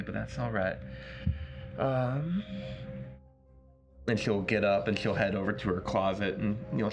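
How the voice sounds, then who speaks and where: Low-voiced man playing his character. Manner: describes his character's actions at length, with fillers. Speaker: tabletop player. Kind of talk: in-character tabletop play.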